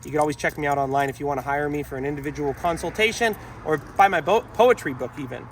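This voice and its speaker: A man's voice: fairly high pitch, fast, a little hiss or hum. A man working as a dog trainer, giving an outdoor training talk to camera and encouraging viewers he keeps calling folks. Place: outdoors in a town.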